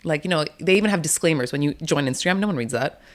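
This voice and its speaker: A woman's voice: deep voice, racing. A woman doula speaking as an interview guest, outspoken and blunt, swearing casually and laughing often as she talks. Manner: animated, laughs often between points.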